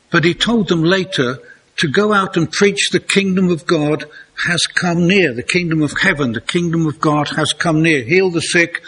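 A man's voice: fairly high pitch, gravelly, a bit bright, breathy edge. A man from England preaching a conversational sermon, talking directly to his congregation and asking them questions.

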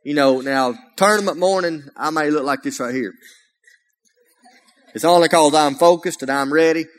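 A man's voice: on the high side, moderate pace. Folksy Alabama man preaching in a church. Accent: Alabama Southern US. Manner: humorous, folksy, energetic, often raises his voice. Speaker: guest preacher. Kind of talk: folksy sermon. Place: church sanctuary. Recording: long church reverb.

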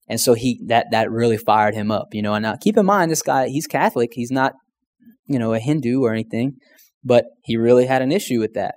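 A man's voice: mid-range voice, fairly quick, a little mellow. A man, a pastor who tells a testimony story earnestly and conversationally. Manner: earnest, conversational, says "man" and "you know" often.

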